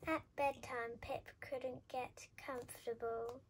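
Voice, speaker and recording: A woman reading a children's picture book aloud with expressive, lively storytelling. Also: high-pitched, slow pace, a little hiss or hum. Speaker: storybook reader.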